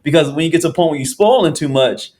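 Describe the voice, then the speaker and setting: Animated, rambling man hosting a podcast. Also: on the high side, fast. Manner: animated, rambling, restarts often, acts out quotes. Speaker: podcast host. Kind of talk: casual podcast discussion.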